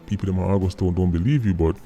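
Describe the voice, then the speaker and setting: A man's voice: sits low, racing, warm tone, soft background music. A man with a Jamaican accent giving casual, mocking commentary in patois, often tagging his lines with "right?". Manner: mocking, repeating tag words like "right?".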